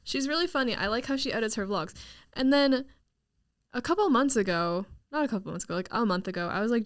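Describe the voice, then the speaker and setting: A young woman tells a story to an interviewer in a chatty, casual way, with many "like"s. Her voice is smooth and clear, recorded dry and close. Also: on the high side, expressive, quick pace, no room sound.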